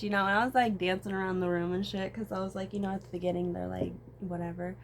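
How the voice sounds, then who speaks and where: A woman's voice: medium pitch, steady tone, quick pace, bright, forceful tone. A young woman talking to camera in a rambling, emotional personal vlog, swearing often and swinging between tears and laughter. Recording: faint background noise.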